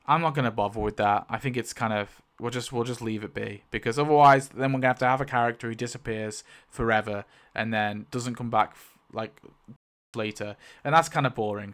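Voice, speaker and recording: A man giving casual, animated commentary as he rewrites a story, thinking aloud, swearing and exclaiming in mock outrage. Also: medium pitch, clean tone. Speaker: YouTube creator.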